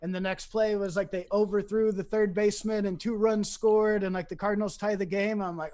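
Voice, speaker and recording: A man's voice: high-pitched, fairly even intonation, fairly quick, few pauses, darkish tone. A man from East Saint Louis, a podcast guest in casual chat, telling long rambling stories and acting out the voices he quotes.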